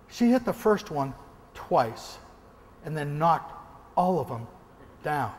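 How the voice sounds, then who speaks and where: A motivational speaker from the American Northwest, a man, telling a lively story during a keynote and acting out gunshots. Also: on the high side, measured pace, big-room sound. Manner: animated, acts out gunshots and quoted voices. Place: large hall before an audience.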